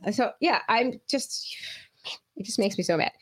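A woman's voice: fairly high pitch, expressive, a little slow, husky. A middle-aged woman from New York, a co-host in casual chat, blunt and heated, swearing freely as she rants.

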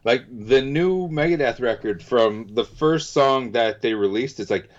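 A man's voice: medium pitch, lively intonation, unhurried. A laid-back man co-hosting a podcast in casual chat, laughing easily. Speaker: podcast co-host. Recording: dull, lo-fi sound.

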